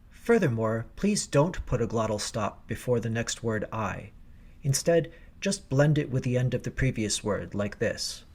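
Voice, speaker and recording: A man's voice: mid-range voice, lively intonation, measured pace, a little mellow, slight background noise. A man coaching choir singers in a recorded rehearsal lesson, explaining diction precisely and patiently.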